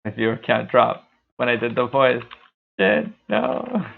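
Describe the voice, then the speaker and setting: A man's voice: medium pitch, flat delivery, normal speed, vocal fry. A man streaming a game, rambling casually and poking fun at his own voice. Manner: rambling, self-deprecating. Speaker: gaming streamer. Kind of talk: casual gameplay commentary. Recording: tinny phone-like sound.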